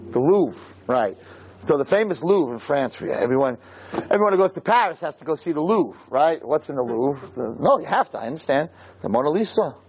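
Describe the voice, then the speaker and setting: A man delivers a Torah lecture in a lively, swooping voice with a husky grain. His pitch sits a little above average for a man, and he keeps firing off rhetorical questions. He preaches with storytelling energy. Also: a little fast.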